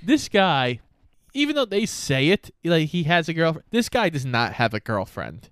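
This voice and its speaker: Excitable, animated man. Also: a little high, normal speed, smooth, no room sound, studio quality. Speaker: podcast co-host. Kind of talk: casual movie-riffing chat.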